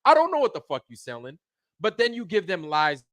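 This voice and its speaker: A man's voice: high-pitched, huge pitch swings, a little fast, fairly bright tone, no echo. A man hosting his channel, delivering an angry, profane rant full of repeated phrases. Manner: heated, profane, repeats himself. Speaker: channel host.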